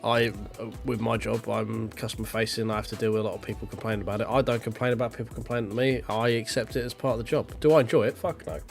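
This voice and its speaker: A man's voice: on the low side, steady tone, fast talker, vocal fry, few pauses, faint music behind. A millennial man, ranting bluntly and swearing freely in casual stream chat. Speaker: sim racing streamer.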